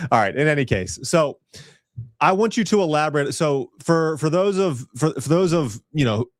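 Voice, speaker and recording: A man's voice: medium pitch, no echo, studio quality. A man from Virginia hosting a podcast interview in a casual, chatty way, laughing often and restarting his sentences. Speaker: podcast host.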